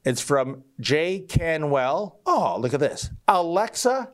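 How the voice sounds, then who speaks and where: A man's voice: fairly high pitch, sing-song, slow pace, fairly bright tone. Joking male live-stream host. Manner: wry, joking, theatrical emphasis. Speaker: show host reading viewer chats. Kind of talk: casual live-stream talk.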